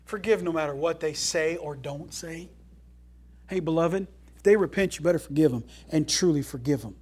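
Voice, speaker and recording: Animated folksy preacher, a man. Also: normal speed, husky. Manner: swings between loud emphasis and quiet, low asides. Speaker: pastor. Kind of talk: sermon.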